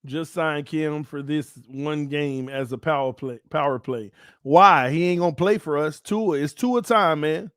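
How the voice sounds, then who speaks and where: A man hosting his own sports fan channel, giving casual commentary to viewers in a playful, excitable way. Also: fairly high pitch, unhurried, dry recording, studio quality. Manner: playful, excitable, swings between calm and shouting.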